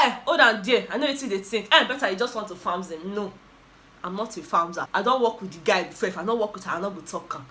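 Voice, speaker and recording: A Nigerian woman with a Nigerian accent hosting a casual recap vlog, telling the story in an animated, exclaiming way and switching between English and Pidgin. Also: medium pitch. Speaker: YouTuber host.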